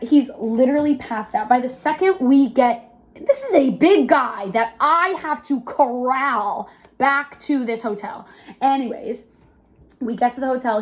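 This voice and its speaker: A young adult woman with a slightly raised voice hosts a casual podcast. She tells a personal story in an animated, gossipy way. She keeps breaking into laughter and leans on plenty of casual fillers. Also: a little high. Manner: animated, chatty, quick to laugh, many fillers. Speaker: podcast host.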